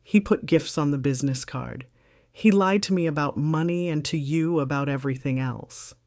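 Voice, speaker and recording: A woman voicing a young woman who has taken another's husband, in a breathy, lowered, hesitant voice that sounds apologetic. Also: normal speed, darkish tone, no echo, studio quality.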